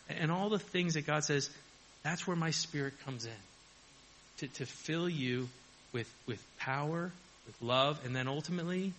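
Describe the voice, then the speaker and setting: A man's voice: on the high side, moderate pace, a bit bright, slight background noise, low-quality recording. A man preaching a conversational sermon, chuckling often and acting out quoted voices. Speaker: pastor.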